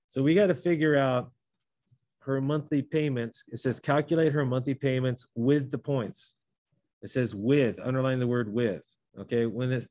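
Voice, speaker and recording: A man teaches a class, walking through each step aloud and stopping now and then to correct himself. His voice sits at an ordinary pitch. The sound is dry and close, with little room echo. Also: a little mellow. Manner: talks through steps, self-correcting. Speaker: math teacher. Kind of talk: classroom lesson.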